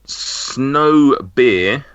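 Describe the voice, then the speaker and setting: A man with a northern English accent hosts a podcast quiz in casual chat, halting with ums and restarts. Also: mid-range voice, expressive, fairly bright tone, clear, resonant tone, no echo. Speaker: podcast host running a quiz. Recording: dull lo-fi sound.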